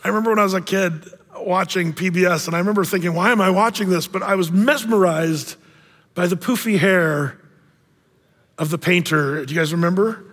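A man preaching a sermon as pastor, animated and jokey, acting out little voices as he tells stories. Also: sits high, moderate pace, in a large hall.

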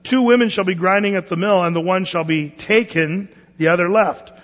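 High-voiced man preaching a conversational sermon. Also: normal speed, in a large hall, highs cut off. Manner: conversational Bible teaching with asides and restarts. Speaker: pastor.

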